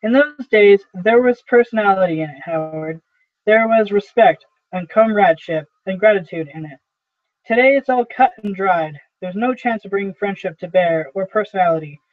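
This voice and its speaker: A man's voice: sits high, normal speed, close to an everyday voice. A man reading as a desperate aging salesman, pleading. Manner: pleading, insistent. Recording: dry, tinny phone-like sound.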